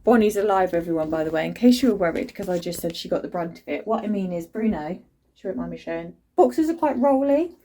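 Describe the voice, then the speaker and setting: Weary chatty mum vlogging at home. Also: female voice, fairly low pitch, animated, quick pace, mellow, rough recording. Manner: frank, weary, chatty with sudden sing-song baby talk to her children and dog. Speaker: parent vlogger. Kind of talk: casual vlog chat. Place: family home, indoors. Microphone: phone camera.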